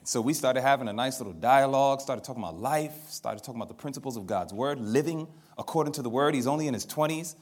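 A male minister preaching a sermon, telling stories with animated delivery and acting out the dialogue. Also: mid-range voice, fast, hardly any pauses.

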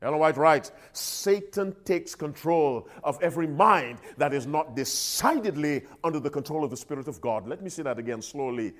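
A man preaching a sermon in an emphatic call-and-response style, swinging between loud appeals and soft asides. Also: mid-range voice, brisk, hardly any pauses.

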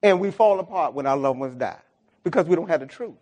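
With a slightly high, animated voice, a middle-aged pastor delivers an emotional sermon, repeating himself and building to exclamations. He speaks briskly in a darkish tone, and the highs in the recording are cut off.

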